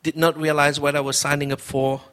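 A man's voice: fairly high pitch, level tone, a little fast, fairly bright tone, clear, resonant tone. A middle-aged man preaching as a pastor, telling his testimony in an earnest, conversational way, often repeating words. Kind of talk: testimony sermon.

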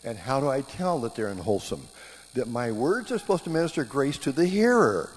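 A middle-aged man preaching a sermon, telling stories in a lively way and jumping up in pitch when he acts out scenes. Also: a little fast. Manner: animated storytelling, voice jumping up in reenactments. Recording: hall reverb with faint background hum.

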